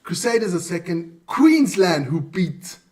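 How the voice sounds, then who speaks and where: A man's voice: high voice, very animated, unhurried, a little mellow, distant mic. Chatty man hosting a solo live stream. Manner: chatty, stumbles over player names. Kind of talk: casual live-stream chat.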